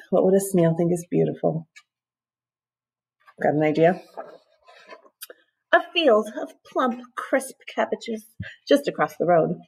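A school librarian reads a picture book to children in a chatty, playful way, dropping casual asides between pages. Her voice is low for a woman, gravelly and a little husky. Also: animated, slow, pauses often, a little mellow, poor audio.

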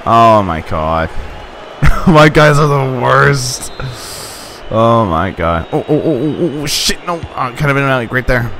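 A young man casually commenting on his own gameplay, excitable and rambling, swearing and laughing often. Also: medium pitch, a little slow, slight background noise.

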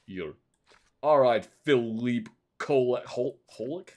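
A man streaming a video game, making sarcastic casual commentary with sudden loud outbursts. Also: mid-range voice, animated, unhurried.

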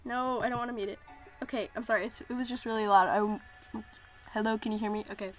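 A woman's voice: a little high, quick pace, soft background music. A young woman, nervously gushing while waiting live for a show premiere. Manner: excited, gushing, repeating herself. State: nervous and jittery. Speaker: streamer reacting to a premiere. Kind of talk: live reaction vlog.

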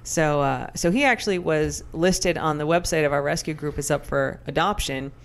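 A young adult woman co-hosting a podcast, telling stories in animated, casual chat full of fillers. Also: low voice, moderate pace, gravelly. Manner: animated, chatty storyteller with many fillers. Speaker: podcast co-host.

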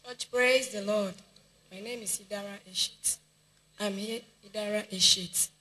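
A woman's voice: fairly low pitch, roomy sound, slight background noise, low-quality recording. A woman with a Nigerian accent giving an earnest church testimony, telling events plainly. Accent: Nigerian English.

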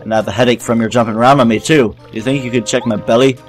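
A man's voice: medium pitch, steady tone, rapid-fire, soft background music, natural voice. A man voicing a big male whale in a game, whining and pleading. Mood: whiny.

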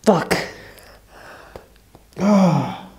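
A young man filming a casual challenge vlog as a YouTuber. He is excitable, swears a lot and breaks into loud outbursts. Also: high-pitched, drawn-out words, echoey room.

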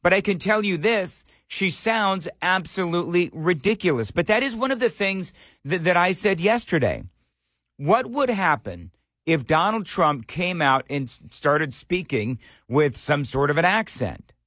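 A man's voice: sits high, lively intonation, unhurried, fairly bright tone, dry recording, clean studio sound. A man hosting a talk radio show, delivering an opinionated monologue full of sarcastic rhetorical questions. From Nashville area.

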